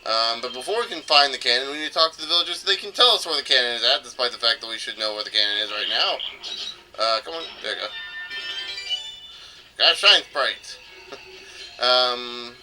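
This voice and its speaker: A man's voice: mid-range voice, lively intonation, brisk, pauses often, music in the background, poor audio. A man from North Carolina hosting a let's play, rambling and thinking aloud as he comments on the game. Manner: rambling, thinking aloud with filler and self-corrections. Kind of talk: casual gameplay commentary.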